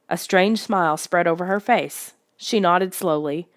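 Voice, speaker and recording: A woman reading a first-person story aloud in steady, even narration. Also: on the low side, a little slow, dry recording, clean studio sound. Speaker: audiobook reader.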